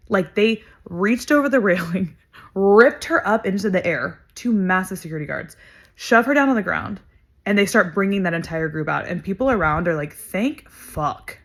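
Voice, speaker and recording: A woman's voice: on the low side, fairly bright tone. A young adult woman vlogger telling a story to camera in a casual, emphatic way, swearing freely and using lots of fillers.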